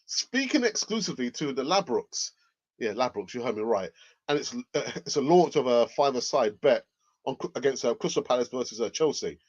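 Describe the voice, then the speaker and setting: A young man hosting casual football news commentary, animated and laughing often as he reacts. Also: medium pitch, moderate pace. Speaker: football channel host. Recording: dull lo-fi audio.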